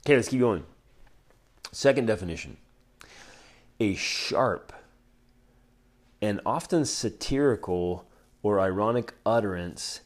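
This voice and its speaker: A man hosting a motivational podcast, talking earnestly and with animated swings between loud emphasis and quiet intensity, with a slight cough from a chest cold. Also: on the low side, slow, long pauses. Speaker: podcast host. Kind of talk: motivational talk.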